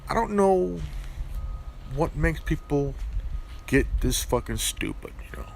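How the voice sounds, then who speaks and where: A man's voice: fairly high pitch, animated, slow, vocal fry, slight background noise. A man hosting his own channel, talking in a crude, profane vlog rant full of stammered restarts. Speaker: channel host.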